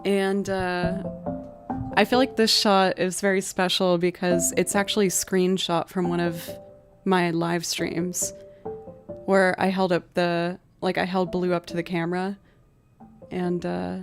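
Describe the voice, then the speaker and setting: Speaking in a lowish voice with little pitch movement, she takes her time while faint music plays behind her. She's a musician in her thirties at her home desk, spinning chatty stories on a casual live stream and giggling frequently.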